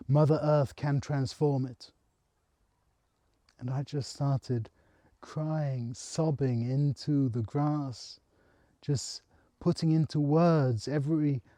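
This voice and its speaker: Slow, mellow-voiced man telling a spiritual story. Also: fairly high pitch, no room sound. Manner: soft, halting, earnest, emotional.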